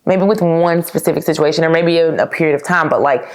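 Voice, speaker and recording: Young woman, podcast host, lower-pitched voice, candid casual storytelling, chatty with lots of fillers. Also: fast talker, hardly any pauses, a little mellow. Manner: chatty and candid, addresses listeners as "y'all"; laughs now and then, frequent fillers like "like".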